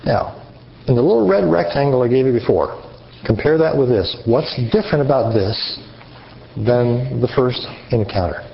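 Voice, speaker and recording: A man preaching an interactive sermon, animated and questioning his audience. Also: medium pitch, normal speed, vocal fry. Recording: muffled lo-fi recording.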